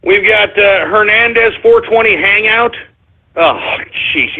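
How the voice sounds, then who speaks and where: A man's voice: high-pitched, slow pace. Exasperated ranting male radio host, tinny. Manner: exasperated, ranting, yells "shut up" at listeners. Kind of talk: live call-in radio show, reading listener shout-outs. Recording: tinny phone-like lo-fi audio.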